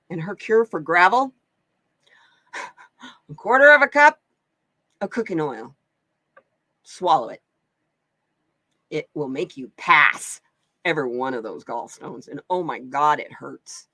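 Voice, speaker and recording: A woman's voice: lowish voice, a bit bright, no echo. A woman from Oregon hosting a live card-reading stream in casual chat. She talks in a chatty, exclamatory way and laughs often. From Oregon, USA. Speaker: host and card reader.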